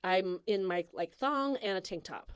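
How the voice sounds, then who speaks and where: A woman co-hosting a casual podcast, telling animated travel stories and swearing freely. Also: medium pitch, measured pace, clean tone, no echo. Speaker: podcast co-host. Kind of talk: casual chat, storytelling.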